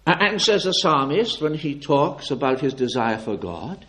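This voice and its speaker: A man preaching a sermon with fervent, declamatory delivery, swinging from loud emphatic peaks to low, quiet appeals. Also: big pitch swings, moderate pace, few pauses.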